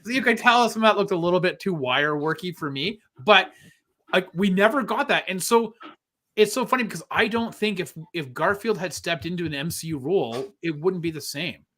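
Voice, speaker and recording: A man with a fairly high voice and a very bright, forceful tone co-hosts a live show. He talks animatedly, says "like" a lot and acts out little scenes. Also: brisk. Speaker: co-host. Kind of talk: casual live show chat.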